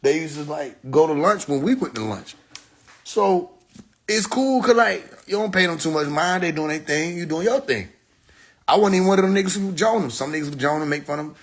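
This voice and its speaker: Husky-voiced man ranting on a phone livestream. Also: a little high, brisk. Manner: animated storytelling, acts out quoted people, laughs. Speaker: live stream host. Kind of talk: casual livestream monologue.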